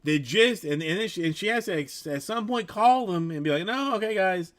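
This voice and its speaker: Guy on a live stream rambling through a story, slightly higher voice, lots of restarts. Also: lively intonation, brisk. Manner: rambling, with many restarts and quoted back-and-forth.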